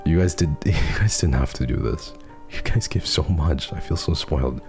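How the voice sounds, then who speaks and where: Deep, gravelly male streamer, soft-spoken and earnest, close to the mic. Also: moderate pace, faint music behind. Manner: soft-spoken, earnest, often lapses into whispers; laughs often, gets teary while reading. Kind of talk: casual chat reading donations.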